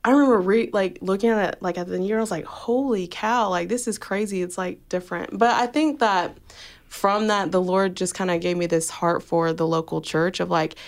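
A young woman chatting casually as an interview guest, telling animated stories with lots of "like" and filler words. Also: on the low side, fairly quick. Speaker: interview guest, new church staff member. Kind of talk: casual chat.

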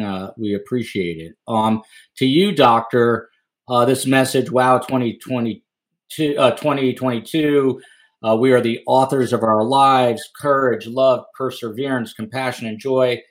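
A man hosting a podcast interview, chatty with jokey asides. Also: medium pitch. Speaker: podcast host.

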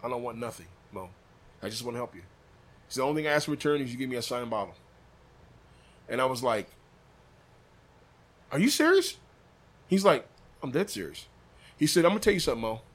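A man's voice: a little fast, long pauses. A man from Des Moines telling a story casually, acting out quotes with big jumps in his voice. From Des Moines, Iowa. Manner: animated, acts out quotes with big pitch jumps. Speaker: barbecue sauce maker, podcast guest.

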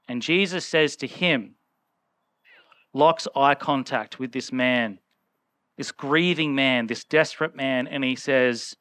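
A man's voice: medium pitch, slow, fairly bright tone, clear, resonant tone, no echo. A man preaching a conversational sermon, acting out the people in the story as he retells it.

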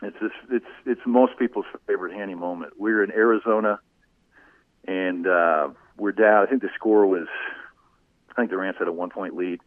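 Man, former radio broadcaster, animated storytelling, tinny phone-line sound, dry. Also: low-pitched, moderate pace, dry recording. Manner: animated anecdotes, voice rising when telling funny moments. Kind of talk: storytelling in a casual interview.

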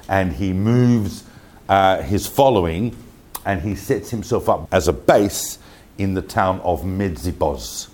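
A man with a fairly low voice gives an informal history lecture. He tells the story in a lively, conversational way, repeating himself now and then and turning to his listeners with asides. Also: slow. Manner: animated storytelling with asides to the audience; conversational, with frequent fillers and repetitions.

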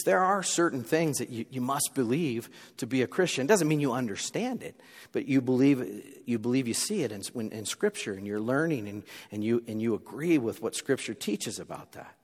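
Middle-aged male pastor, preaching earnestly from the pulpit, mid-range voice with a reverberant church sound. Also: mid-range voice. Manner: earnest preaching, reads scripture aloud, repeats words when restarting. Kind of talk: sermon. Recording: long reverb of a large hall.

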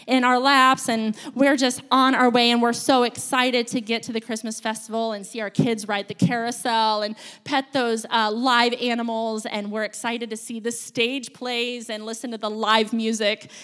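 A woman, a school counselor, giving a sermon in a church, telling stories in an animated, playful way. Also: on the high side, moderate pace, hardly any pauses, clear, resonant tone. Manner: storytelling, animated, playful with laughs. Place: church sanctuary.

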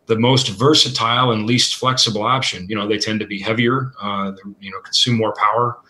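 A man answering questions as an equipment expert, talking casually and filling pauses with "uh" and "you know". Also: fairly low pitch, steady tone, pushed and bright. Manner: thoughtful, filler-heavy with many uh and you know.

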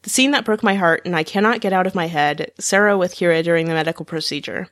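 A woman's voice: fairly low pitch, fast talker, fairly bright tone, dry recording, studio quality. Woman co-host reading listener mail. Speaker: podcast co-host.

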